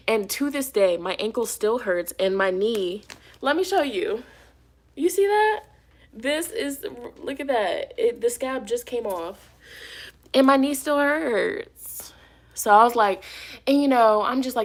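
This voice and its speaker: A woman's voice: mid-range voice, expressive, unhurried. A woman hosting her tarot channel, telling a personal story to camera in a casual, emphatic way and swearing freely. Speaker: tarot reader and channel host.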